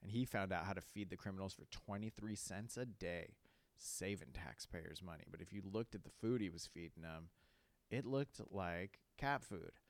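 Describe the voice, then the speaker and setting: A man's voice: sits low, normal speed, no echo. A young man, hosting a podcast and telling rambling stories, swearing and saying "like" a lot. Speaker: podcast host. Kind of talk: casual storytelling monologue.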